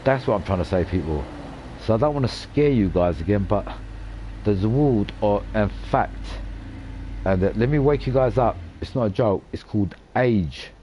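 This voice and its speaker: A man's voice: on the low side, lively intonation, normal speed, mellow, dull audio, a little hiss or hum. A man, rambling and ranting over his own gameplay, swearing a lot and repeating himself for emphasis. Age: 40s. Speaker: gaming channel host.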